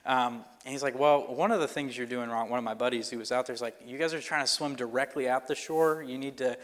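A pastor telling a personal story in a sermon, in a loose conversational way with fillers and restarts. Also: male voice, medium pitch, fairly even intonation, fast. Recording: long reverb of a hall.

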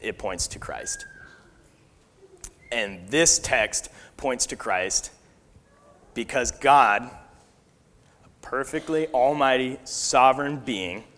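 A man's voice: lowish voice, a bit bright. Earnest male preacher in a reverberant hall. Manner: earnest, personal testimony with many fillers and restarts. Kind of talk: sermon.

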